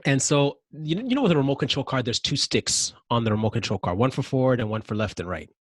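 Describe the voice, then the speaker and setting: A man, a podcast guest, telling casual anecdotes in an animated way, acting out his own raised voice. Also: mid-range voice, quick pace, no room sound, clean studio sound. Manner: animated, acts out yelling in anecdotes. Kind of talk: casual interview storytelling.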